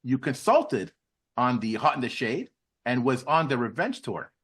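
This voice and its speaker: A man's voice: mid-range voice, sing-song, measured pace, a bit bright, husky. A man hosting a podcast interview, asking long rambling questions full of restarts and fillers. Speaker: podcast host. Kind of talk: interview questions, casual chat.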